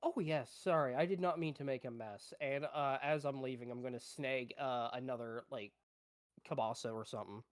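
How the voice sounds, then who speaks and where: Halting player in a tabletop game. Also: medium pitch. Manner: halting, polite speech in character.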